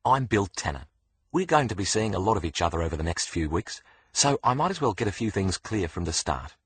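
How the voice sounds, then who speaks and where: A man's voice: on the low side, sing-song, a little fast, slightly rough. A man voicing a blunt, casually menacing doctor in his forties with an Australian accent.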